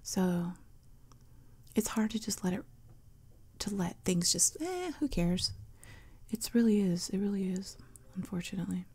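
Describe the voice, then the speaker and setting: A woman who is an ASMR host speaks in a soft half-whisper, chatty and meandering. Her voice is very airy and breathy, with a gravelly fry at the edges of her words. Her tone is dark and mellow, close to a sensitive mic. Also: medium pitch, steady tone, normal speed, pauses often. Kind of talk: soft-spoken ASMR storytelling. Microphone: close sensitive mic for headphones.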